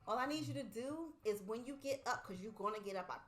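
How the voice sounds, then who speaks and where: A woman's voice: a little high, fast talker. A woman co-hosting a casual podcast, telling a story with lots of swearing and acted-out quotes. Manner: animated storytelling, swearing freely, acting out quotes. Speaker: podcast co-host. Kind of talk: casual chat.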